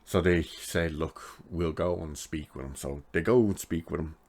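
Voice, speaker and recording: A man's voice: very deep voice, normal speed, darkish tone. A man giving a chatty, sarcastic recap of a TV episode, laughing at his own jokes. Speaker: TV episode reviewer.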